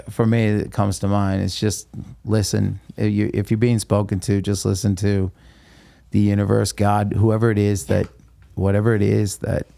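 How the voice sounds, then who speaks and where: A man, a guest musician, recounting a personal story in an interview, halting with frequent restarts. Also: on the low side, creaky, mellow, no echo.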